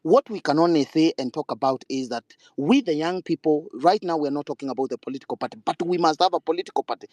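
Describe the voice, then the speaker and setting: Man, speech-like and insistent, slightly high, dry sound. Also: expressive, quick pace, a little mellow, no echo. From Kenya. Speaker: speaker.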